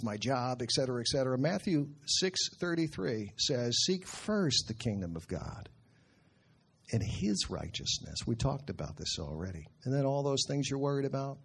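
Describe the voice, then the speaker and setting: A middle-aged man preaching in an earnest, conversational way, slowing down to quote scripture. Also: medium pitch, creaky, husky. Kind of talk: sermon.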